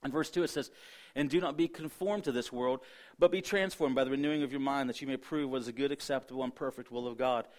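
Man, preacher, middle-aged, mid-pitched voice, sermon testimony, quotes himself and others. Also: fairly even intonation, quick pace. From Ohio, USA. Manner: storytelling, quotes himself and others, many restarts.

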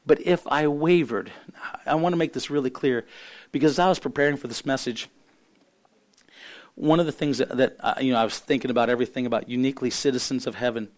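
A middle-aged preacher serving as pastor speaks in a mid-range voice made hoarse by losing it. Sincere in tone, he stumbles along with frequent restarts.

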